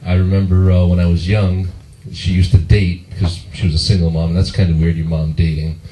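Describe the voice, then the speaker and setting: A young man from Las Vegas doing a stand-up comedy set in a comedy club, animated, slipping into high squealing voices for the people he quotes. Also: a little fast. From Las Vegas, Nevada. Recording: echoey club heard from a distance.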